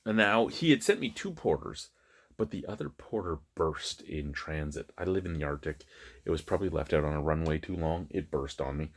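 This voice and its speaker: A man's voice: a bass voice, lively intonation, moderate pace. A man reviewing beer on camera in a casual, crude and joking way, recorded indoors at home.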